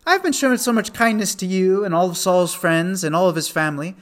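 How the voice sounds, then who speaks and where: A man's voice: high voice, moderate pace, close to an everyday voice. A man voicing an indignant, boastful ancient army commander who fires off threatening questions.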